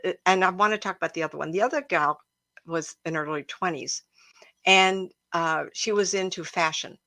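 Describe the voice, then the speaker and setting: Woman, livestream host, psychic medium, emotional storyteller, slightly low voice, casual chat. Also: normal speed. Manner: emotional, animated storyteller who laughs and gasps often.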